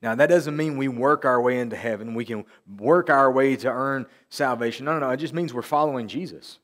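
A man preaching a sermon in a church, repeating key phrases and reading scripture slowly for emphasis. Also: medium pitch, a bit bright. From Tennessee. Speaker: pastor. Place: church sanctuary.

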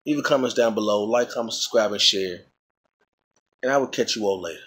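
A man's voice: fairly low pitch, brisk, fairly bright tone, slight background noise. A man casually ranting to camera about a movie, rambling and repeating himself as he restarts his sentences. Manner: rambling, with many restarts and repetitions; emphatic and indignant. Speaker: vlogger reviewing a movie.

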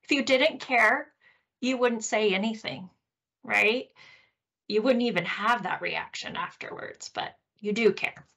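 A woman hosting a podcast, teaching a course session in a gentle, explaining way with frequent tag questions. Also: a little high, a little slow, creaky. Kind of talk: teaching a recorded course talk.

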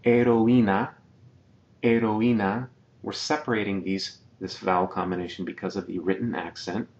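A man teaching a slide-based video lesson, patiently explaining and repeating each example word slowly. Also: low voice, muffled recording. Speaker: Spanish teacher.

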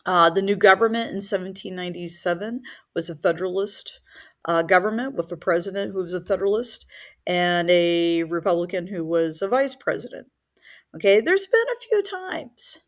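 A middle-aged woman teacher giving a relaxed, conversational history lecture with many fillers. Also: mid-range voice.

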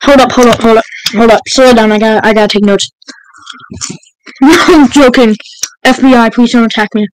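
A man's voice: extremely high pitch, fairly even intonation, brisk, long pauses, a little hiss or hum, low-quality recording. A male podcast co-host chatting casually, joking around and rambling. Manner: goofy, joking, rambling with lots of "bro" and "like". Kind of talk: casual chat.

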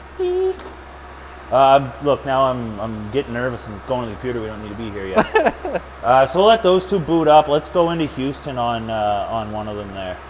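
A man's voice: medium pitch, expressive, a little fast, slight background noise, rough recording. Chatty man demoing in a server lab. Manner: joking, chatty, rambling asides. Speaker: storage engineer presenting a build. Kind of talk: casual hands-on tech demo.

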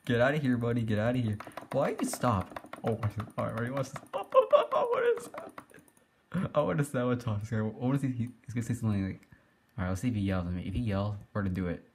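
A young man giving excitable, giggly play-by-play commentary as he teases other players in an online game. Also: lowish voice, rapid-fire, slight background noise. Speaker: gaming YouTuber. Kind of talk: casual Let's Play commentary.

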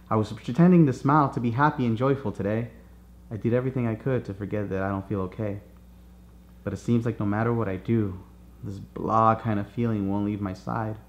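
A man reading his own rhyming children's book aloud in a gentle storybook manner, outdoors in a city. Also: fairly low pitch, dull audio, slight background noise.

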